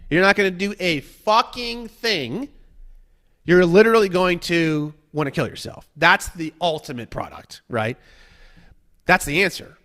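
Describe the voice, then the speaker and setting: A man's voice: high voice, animated, a little slow, bright, forceful tone. A man in casual podcast chat, rambling and profane, acting out the people he mocks in put-on voices. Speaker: guest.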